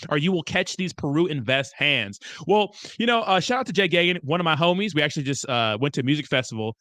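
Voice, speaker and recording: A young man runs a casual crypto livestream and swears his way through viewer comments in loose, chummy rambling. His voice sits fairly high for a man and swings up and down a lot. It is recorded close and dry, with no room sound. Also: lively intonation, fast talker, few pauses, fairly bright tone, dry recording.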